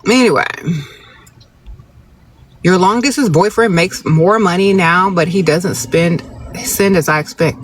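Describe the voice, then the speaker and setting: A man with a notably high voice hosts a casual livestream, answering viewer questions with blunt, sassy, no-nonsense advice. He talks straight at his audience, and a faint background noise sits under the phone recording. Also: unhurried, pauses often. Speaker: advice-giving livestream host. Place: outdoors, birds nearby.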